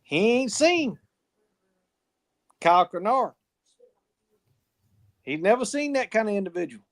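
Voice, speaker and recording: Man, high voice, brash folksy football co-host. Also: big pitch swings, a little slow. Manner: brash, folksy, swears and laughs loudly. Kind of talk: casual sports chat.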